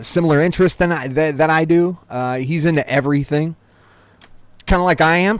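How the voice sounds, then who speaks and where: A man in his forties hosts his own vinyl record channel, chatting to the camera in a loose, rambling way full of asides. His voice sits a little on the high side. The sound is dry and close, with no room echo. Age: 40s. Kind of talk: casual talk to camera.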